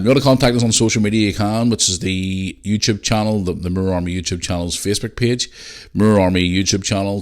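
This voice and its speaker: A man hosting his own podcast in a loose, chatty way, swearing freely as he talks to listeners. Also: sits low. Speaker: podcast host. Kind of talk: casual solo podcast chat.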